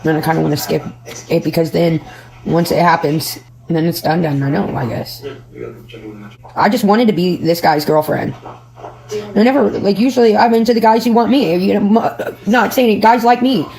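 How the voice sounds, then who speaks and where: A woman's voice: medium pitch, moderate pace, vocal fry, warm tone, low-quality recording. A woman rambling and venting to her livestream chat in a casual, profane way.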